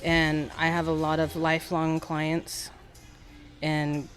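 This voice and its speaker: A woman's voice: low voice, slow pace, faint music behind. A woman barber in her forties telling stories in a casual interview, acting out the voices of the people in them. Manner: animated storyteller acting out quoted voices.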